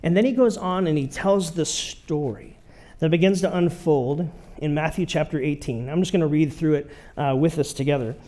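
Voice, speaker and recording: A man's voice: on the high side, moderate pace, warm tone. A man preaching a sermon in a conversational way, often checking in with his listeners. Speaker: pastor.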